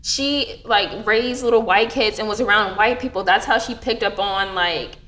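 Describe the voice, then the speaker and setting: A young woman in casual chat, animated and swearing freely, with many fillers. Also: medium pitch, moderate pace. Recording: echoey room.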